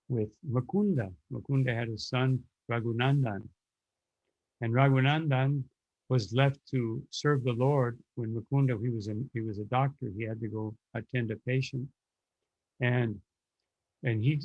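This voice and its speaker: A man's voice: mid-range voice, creaky, a little mellow, no echo. A man teaching a spiritual lecture, moving through devotional stories and quoting their characters. He talks with many fillers and restarts. The recording is close and dry, with a dull, lo-fi sound. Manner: tells stories with acted quotes, frequent fillers and restarts.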